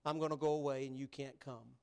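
A man preaching a sermon as pastor, emphatic, swinging between loud stresses and hushed asides. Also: mid-range voice, steady tone, a little fast, creaky, clear, resonant tone. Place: church sanctuary.

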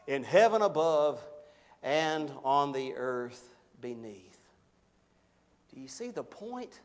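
A middle-aged man preaching a sermon, slowing and swelling on key words for emphasis. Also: a little high, big pitch swings, a little mellow. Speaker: pastor.

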